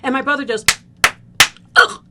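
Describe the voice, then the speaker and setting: A woman from the Philippines, a podcast host, telling a personal story in an animated way and acting out the scenes. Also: on the high side, moderate pace, very noisy. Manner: vivid storyteller who acts out the scenes.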